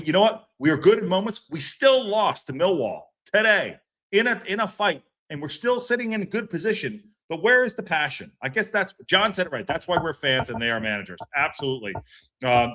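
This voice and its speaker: A man's voice: on the high side, sing-song, fairly quick, bright, forceful tone. A man hosting a fan reaction stream, ranting, swearing and repeating himself. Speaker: fan podcast host.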